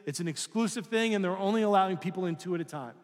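Rapid-fire and high-voiced, a male pastor speaks in a large hall. His sermon is conversational, full of rhetorical questions to the listeners, with occasional acted-out voices.

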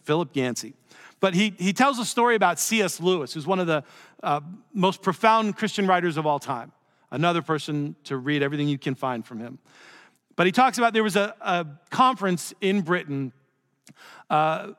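Man preaching in a reverberant hall. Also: high voice. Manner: conversational preaching with joking asides, dropping soft for emphasis. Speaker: pastor. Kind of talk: sermon.

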